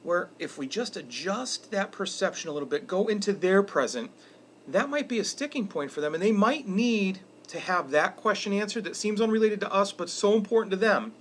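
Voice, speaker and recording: A middle-aged man with a slightly raised pitch talks earnestly to the camera in a reflective weekly message. His delivery is conversational and unhurried. A faint hiss of background noise sits under his voice. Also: animated. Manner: earnest, conversational, retells stories with quoted dialogue. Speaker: educator giving weekly video messages.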